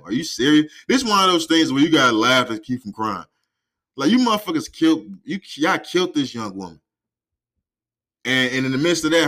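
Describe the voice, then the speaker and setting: A man's voice: on the high side, pushed and bright, low-quality recording. A young man hosting a podcast in casual chat, full of profane slang, laughing often and firing incredulous rhetorical questions. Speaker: podcast host.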